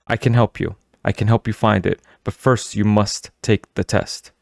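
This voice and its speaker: A man's voice: fairly low pitch, steady tone, normal speed, vocal fry, a little mellow, dry recording, clean studio sound. A man voicing a stern, mysterious woman of the forest who gives solemn commands in an audiobook. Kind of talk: audiobook character voice.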